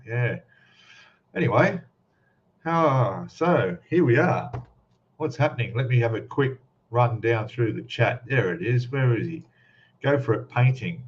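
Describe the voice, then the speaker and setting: Chatty Australian man on a dull mic. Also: medium pitch. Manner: chatty, greets viewers by name with many fillers. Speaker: host of a live stream. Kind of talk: casual live-stream chat.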